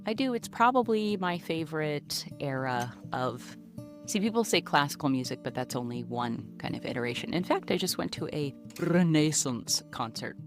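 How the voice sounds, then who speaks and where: A woman's voice: sits low, animated, normal speed, over music. A woman hosting her own podcast alone, chatting casually in a goofy, self-mocking way, recorded in a small closet. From United States. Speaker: podcast host and comedian. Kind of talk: casual solo podcast chat.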